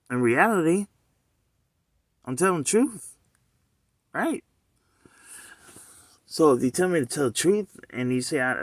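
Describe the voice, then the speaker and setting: A man at middle pitch, talking in a loose, rambling way straight to the camera. He keeps circling back with rhetorical questions and filler phrases. His voice is close and dry, with no room echo. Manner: loose and conversational, heavy on "you know what I'm saying".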